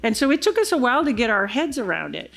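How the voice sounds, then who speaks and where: Woman telling a lively keynote story. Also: on the high side, fast, creaky. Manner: animated storyteller acting out quoted dialogue. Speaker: keynote speaker. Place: large conference hall stage.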